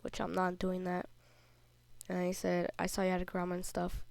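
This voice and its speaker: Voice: mid-range voice, monotone, normal speed, gravelly, smooth, no echo. A young kid, not yet through puberty, telling a rambling, indignant story in a casual vlog while a little sick. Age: child, before puberty. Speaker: video creator. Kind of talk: casual vlog commentary over screenshots.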